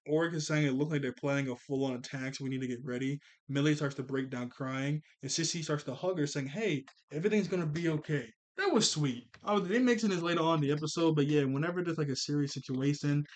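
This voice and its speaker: A man recapping a cartoon episode in a casual, excitable, rambling way, talking fast and correcting himself as he goes. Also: fairly high pitch. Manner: talks fast. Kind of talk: casual spoken review.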